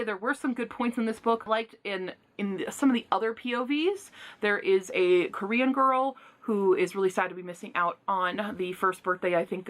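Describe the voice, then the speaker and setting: A woman at a middle pitch giving a casual book review, heated and ranting as she retells a plot. Her delivery is animated and exasperated, full of sighs and blunt asides.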